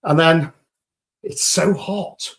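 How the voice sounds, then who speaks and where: A man with a British accent chatting enthusiastically on a live stream while demolding resin pieces, a little croaky after hours of talking. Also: on the high side, takes it slowly, fairly bright tone. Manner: chatty and enthusiastic, greeting viewers.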